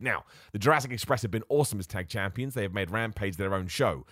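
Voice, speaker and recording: A man's voice: medium pitch, dry recording. Male solo podcast host: rambling, opinionated, and casual, with a middle-range voice and a dry, close sound. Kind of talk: casual solo wrestling chat.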